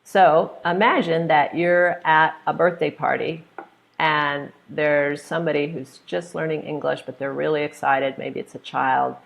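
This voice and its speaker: A young American woman teaches pronunciation online. Her voice sits low and carries a gravelly fry. She stretches out the stressed syllables in her examples, and now and then she acts out short scenes to show her point. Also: steady tone. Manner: slow, exaggerated modelling of stressed syllables.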